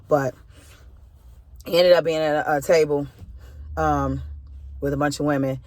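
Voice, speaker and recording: A woman's voice: deep voice, fairly even intonation, measured pace, a little mellow, no room sound. A woman speaking as a spoken word minister, telling a personal story in a loose, candid way with casual filler phrases. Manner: candid, emotional retelling.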